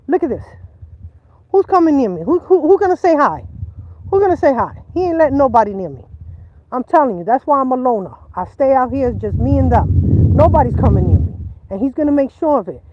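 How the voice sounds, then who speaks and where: High-voiced woman livestreaming outdoors. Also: muffled recording, background noise. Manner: animated, repetitive, emphatic. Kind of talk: casual livestream chat. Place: outdoors by a river.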